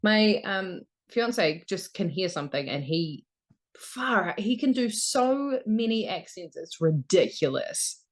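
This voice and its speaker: A woman's voice: mid-range voice, expressive, takes it slowly. A young woman from New Zealand, a voice actor, chatting casually in an interview and laughing often. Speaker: voice actor guest.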